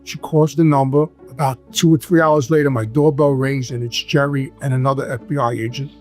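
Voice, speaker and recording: A man's voice: medium pitch, flat delivery, fairly quick, darkish tone, soft background music. A man with a New York accent, a guest telling rambling stories in casual talk, often stopping to ask "right?" and restarting his sentences. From Brooklyn, New York. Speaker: guest, former mobster. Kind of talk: casual storytelling.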